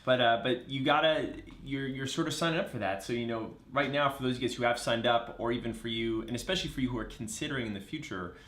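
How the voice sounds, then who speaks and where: Co-hosting a live running show, this man chats upbeat and fast, reading viewer comments aloud and addressing the audience with few pauses. His voice is medium-pitched and a bit bright. The casual live-stream audio has a roomy echo.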